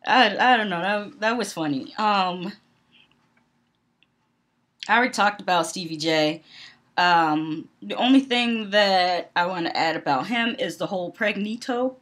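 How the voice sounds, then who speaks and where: Young northeastern woman vlogging, super blunt and opinionated, lots of ums and laughs, normal mid pitch. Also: a little slow, fairly bright tone. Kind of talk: casual reality-TV commentary.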